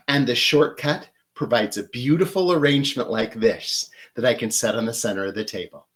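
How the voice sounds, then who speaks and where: Demonstrating flower arranging in his home studio, a florist host teaches with upbeat enthusiasm. He has a fairly high pitch, and the background is noisy.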